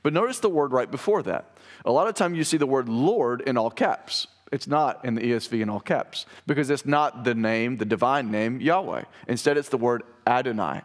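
A man preaching a sermon in an earnest, explanatory way, slowing down to give scripture readings weight. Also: mid-range voice. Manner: earnest, explanatory, reads scripture slowly with emphasis. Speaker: pastor. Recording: long reverb of a hall.

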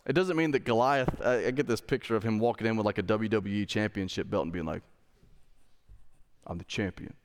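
A male pastor preaching a sermon in a relaxed, conversational way, with slang asides, building to emphatic points. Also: lowish voice, fast, hardly any pauses, clear, resonant tone, long reverb tail. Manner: rises to emphatic intensity when making a point. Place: church sanctuary.

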